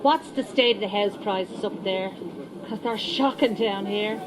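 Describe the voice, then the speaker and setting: A woman's voice: medium pitch, measured pace, background noise, close to an everyday voice. A woman playing a nosy, chatty middle-aged market trader with a Dublin accent, in a comedy sketch. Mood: gossiping.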